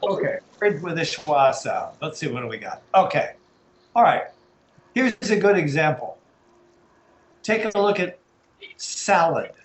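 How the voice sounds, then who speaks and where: A fairly high-voiced American man leads an online English lesson, patiently breaking words into syllables and spelling them out. His voice carries the echo of a bare room over a call, with faint noise underneath. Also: lively intonation, a little slow, pauses often. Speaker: English teacher. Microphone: video call.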